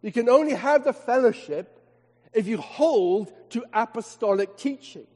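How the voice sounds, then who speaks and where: A man, a vicar preaching a sermon with emphatic rhetorical questions and slowed words for stress. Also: very high-pitched, lively intonation, darkish tone. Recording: long hall reverb.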